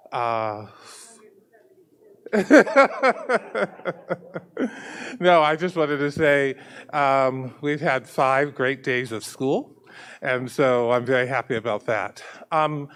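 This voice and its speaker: A school superintendent, a man, giving earnest opening remarks at a public committee meeting and repeating key points for emphasis. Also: on the high side.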